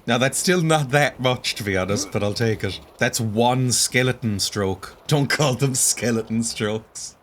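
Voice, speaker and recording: A man's voice: lowish voice, a little hiss or hum. An Irish man in his late twenties giving chatty, self-mocking commentary while he plays a game and often breaks into exclamations. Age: late 20s. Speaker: let's play host. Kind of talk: gameplay commentary.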